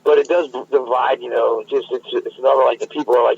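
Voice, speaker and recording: A male co-host chatting casually, laid-back and rambling with halting restarts. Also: mid-range voice, little pitch movement, creaky, darkish tone. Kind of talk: casual chat. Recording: dull lo-fi line.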